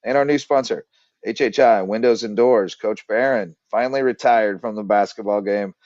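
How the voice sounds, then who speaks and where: A man's voice: fairly low pitch, moderate pace, darkish tone, no room sound, lo-fi sound. A man hosting a casual sports podcast, telling stories and reading sponsor plugs in a chatty, joking way. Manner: chatty storyteller, jokey, reels off sponsor plugs. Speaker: podcast host.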